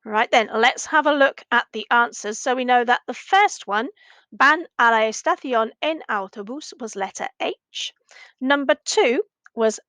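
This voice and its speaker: A woman teacher gives a recorded video lesson for children in a slightly high, unhurried voice. She repeats each sentence slowly and clearly. The recording is dry and close. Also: a bit bright, no echo. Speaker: primary language teacher.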